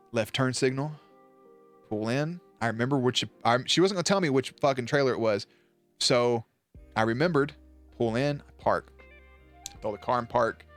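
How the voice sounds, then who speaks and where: A male streamer spins a rambling, cuss-filled anecdote for his chat, often breaking into laughter. His pitch sits mid-range, and soft music plays quietly underneath. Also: normal speed. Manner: loose, profane, laughs at his own story. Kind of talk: casual storytelling on a live stream.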